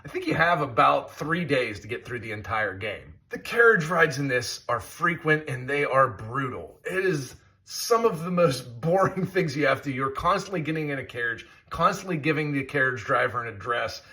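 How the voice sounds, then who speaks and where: Bright, lively male game reviewer. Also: mid-range voice, moderate pace, hardly any pauses. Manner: enthusiastic, chatty, with scoring asides. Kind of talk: casual review commentary.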